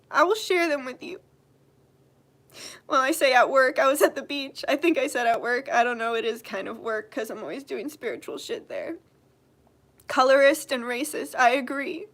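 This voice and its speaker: Young woman crying on her stream, super high voice, hurt and mad, keeps restarting. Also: fairly bright tone. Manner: tearful, hurt and indignant, halting restarts. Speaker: channel host. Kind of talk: emotional livestream vlog.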